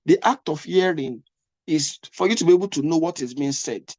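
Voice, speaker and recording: An English test coach delivers a spoken lesson in a voice on the high side with a darkish tone, at a moderate pace in a dry recording. His teaching is repetitive, with stumbling restarts and frequent requests that the listener follow along.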